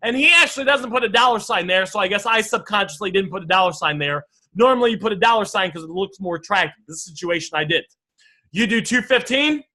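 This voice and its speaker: High, bright-voiced brash male coach. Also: fast, few pauses. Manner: brash, swears casually, keeps addressing the audience as guys. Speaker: sales and negotiation coach. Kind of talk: casual online teaching session.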